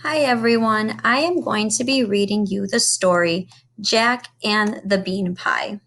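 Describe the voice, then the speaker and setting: A woman teacher reading a storybook aloud to children, slow and expressive. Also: mid-range voice.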